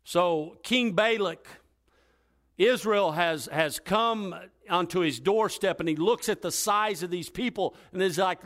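A man's voice: sits high, unhurried. Man telling a story in a sermon. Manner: lively, dramatic retelling with wide swings in loudness. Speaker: preacher.

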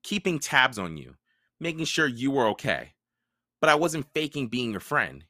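A man voicing a nervous, touchy young male satyr with a high, hesitant voice. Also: very animated, moderate pace, sharp tone, dry recording, studio quality. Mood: anxious.

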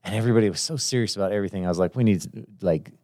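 Deep-voiced easygoing man. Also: rapid-fire, mellow. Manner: easygoing, joking. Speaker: college instructor, guest. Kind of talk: casual podcast chat.

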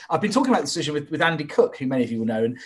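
A man hosting a planning discussion, giving measured, opinionated commentary with frequent hesitant fillers. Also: fairly high pitch, sing-song, slightly rough. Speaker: host. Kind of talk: expert commentary.

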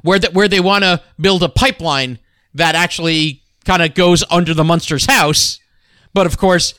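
A man's voice: fairly high pitch, moderate pace, pushed and bright, smooth, no room sound, clean studio sound. A man co-hosting a podcast in casual chat, hesitant with fillers and full of trivia. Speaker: podcast co-host. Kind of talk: casual chat about old sitcoms.

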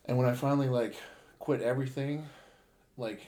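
A man co-hosting a podcast, telling stories in a rambling, animated way full of fillers. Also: medium pitch, moderate pace. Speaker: podcast co-host. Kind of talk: casual chat.

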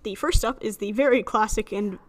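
A woman's voice: mid-range voice, fairly quick. A young woman with a slight lisp hosting a solo podcast, chatty and rambling, joking at her own expense. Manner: chatty, rambling, self-deprecating with frequent laughs. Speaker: podcast host. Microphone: studio microphone alone in a room.

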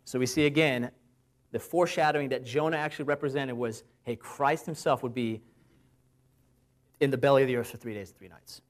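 A man's voice: medium pitch, fairly even intonation. Man preaching a casual, conversational sermon. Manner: casual, asks the listeners rhetorical questions; slows down to cite Bible verses.

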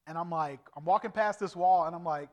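Man in his 40s, evangelist, slightly high voice, earnest storyteller who acts out every exchange. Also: brisk, lo-fi sound. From Indiana, USA. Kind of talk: preaching a personal testimony. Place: church service.

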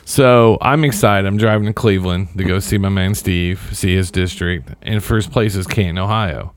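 A man's voice: sits low, normal speed, no room sound. A man in his thirties co-hosting a casual podcast, telling a long story in a laid-back, wry way and acting out what others said. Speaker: podcast co-host.

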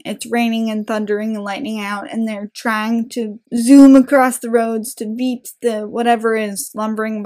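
A woman hosting a book podcast, summarizing a chapter in a lively retelling and discussing it. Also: fairly high pitch. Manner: lively retelling, acting out quotes with bursts of energy.

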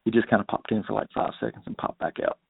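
A man's voice: on the low side, very animated, fast talker, creaky, breathy edge. A man from South Carolina leaving a rambling, casual voicemail for a podcast, with lots of "uh"s. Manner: casual, rambling with many fillers. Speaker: caller. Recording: tinny phone line.

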